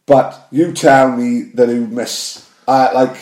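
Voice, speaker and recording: A man's voice: mid-range voice, flat delivery, darkish tone. A man chatting casually on a podcast, swearing freely and affirming often. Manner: sweary, chatty, backs the other up with quick yeahs. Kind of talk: casual chat. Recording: echoey room.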